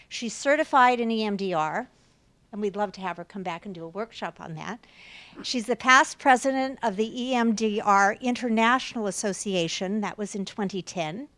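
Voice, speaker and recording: Higher-voiced woman introducing a guest speaker. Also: moderate pace, fairly bright tone, no echo. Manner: reads aloud, with occasional restarts. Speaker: university event host introducing a speaker. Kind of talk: prepared introduction speech. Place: university lecture room.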